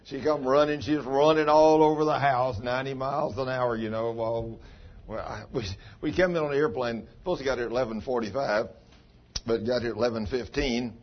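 A man's voice: medium pitch, fairly even intonation, brisk. A man pastor telling stories in a folksy, homespun sermon, with plain country grammar. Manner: folksy, ungrammatical country speech. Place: church. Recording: dull lo-fi sound.

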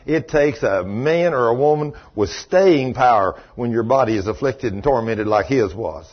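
A man preaching a sermon as pastor, telling stories and swinging from loud exclamations to hushed, low passages. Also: animated, moderate pace, lo-fi sound.

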